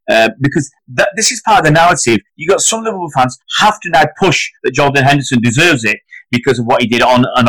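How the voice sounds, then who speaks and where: A man co-hosting a football podcast, arguing his point in an animated, heated way, his pitch climbing as he gets worked up. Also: no echo, rough recording. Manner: animated, argumentative, rising pitch when heated. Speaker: podcast co-host. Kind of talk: casual football podcast chat.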